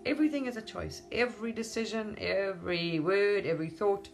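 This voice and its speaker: A woman's voice: medium pitch, fairly quick, creaky, soft background music. A woman speaking as a spiritual teacher in a rambling monologue. She gushes, keeps repeating words of wonder and laughs often. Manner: gushing, repeats wow and amazing, laughs often.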